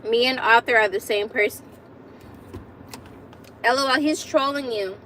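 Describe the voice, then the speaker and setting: A woman's voice: fairly high pitch, unhurried, sharp tone, slight background noise. A woman in her twenties chatting casually with viewers on a phone live stream, laughing often and repeating herself. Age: 20s. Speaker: vlogger hosting a live stream.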